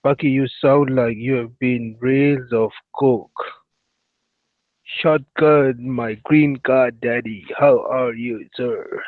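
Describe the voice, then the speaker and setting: A man's voice: mid-range voice, fairly even intonation, slow, dry recording. Pleading Pakistani-accented man on a tinny line. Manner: rambling and pleading, with crude teasing. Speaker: livestream host. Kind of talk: casual livestream chat. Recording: tinny phone-line sound, dry.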